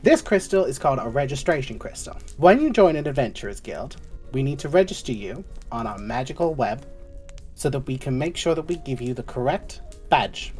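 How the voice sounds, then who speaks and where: A woman's voice: extremely low pitch, sing-song, a little fast, a little mellow, faint music behind. A woman voicing a chatty, fussing female guild receptionist who calls everyone doll and sweetie. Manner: fussy and doting, calls people doll, sweetie and babe.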